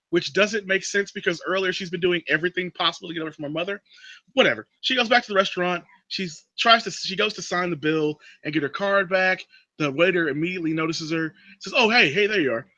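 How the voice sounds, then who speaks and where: A man hosting a casual chat, recapping a film plot as an animated storyteller. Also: fast, dry recording, muffled recording. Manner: animated storyteller, drops into a creepy low voice for quotes. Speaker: podcast host recapping a movie.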